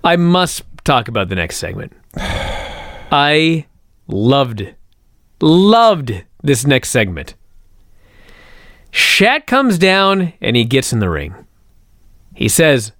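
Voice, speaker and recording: A man's voice: mid-range voice, drawn-out words, pauses often, dry recording, studio quality. A man co-hosting a casual podcast, telling stories with lots of swearing and acting out quotes. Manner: animated, profane storytelling, acts out quotes. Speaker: co-host.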